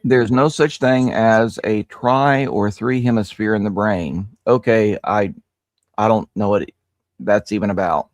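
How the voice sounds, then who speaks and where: A man's voice: fairly low pitch, measured pace, no room sound. A man in a casual live-stream chat, explaining things carefully step by step. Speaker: panel guest.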